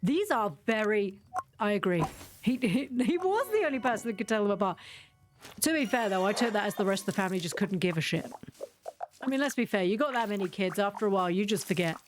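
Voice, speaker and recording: A woman's voice: mid-range voice, animated, fast, soft background music. A young woman streaming a game, chatting casually and sarcastically, often giggling as she rambles. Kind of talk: casual chat while gaming.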